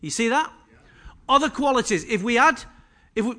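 A man's voice: very high voice, lively intonation, moderate pace, pauses often, pushed and bright. A man preaching a sermon to a church congregation, emphatic and full of rhetorical questions. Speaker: pastor. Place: church service.

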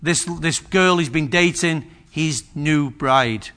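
A man's voice: on the high side, takes it slowly, hardly any pauses, bright, forceful tone, clear, resonant tone. A man preaching a sermon, repeating phrases for emphasis and restarting his sentences often.

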